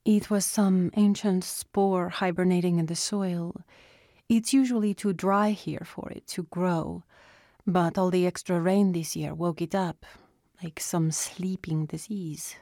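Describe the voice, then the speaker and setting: Woman doing a hushed, worried mother. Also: on the low side, fairly even intonation, measured pace, dry recording, studio quality. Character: middle-aged mother, strained and worried.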